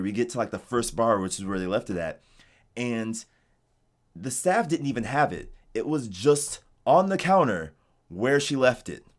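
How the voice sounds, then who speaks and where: An American man in a casual interview, talking in a relaxed, rambling way with lots of "like". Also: medium pitch. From United States. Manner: relaxed, rambling, heavy use of "like". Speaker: interviewee, game designer in Japan. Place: home streaming setup.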